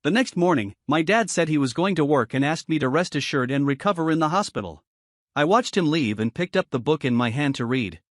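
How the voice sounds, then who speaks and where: A man's voice: on the high side, lively intonation, a little fast, no echo, studio quality. A man telling a dramatic romance story in the first person as scripted narration.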